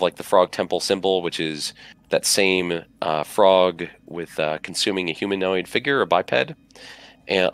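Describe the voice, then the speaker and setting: Low, smooth-voiced male game master. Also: dry recording. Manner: relaxed, rambling with many fillers. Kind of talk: narrating a tabletop game.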